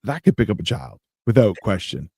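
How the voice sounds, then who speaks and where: Dry-sounding man telling animated stories. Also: fairly low pitch, fairly quick, creaky, breathy edge, no echo. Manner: animated anecdotes with acted-out quotes. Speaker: podcast host. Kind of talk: casual chat. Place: Toronto area.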